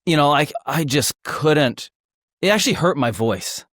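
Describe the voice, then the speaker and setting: A man hosting a casual interview, relaxed and candid, open about what he is not good at. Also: on the high side, unhurried, no echo, studio quality. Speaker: host.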